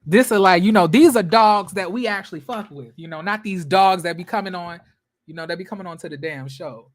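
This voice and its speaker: A man's voice: high voice, fairly quick, dry recording. Sassy man giving dry, close commentary. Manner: sassy, slangy, swings between loud and muttered. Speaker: commentary vlogger. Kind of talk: reaction commentary.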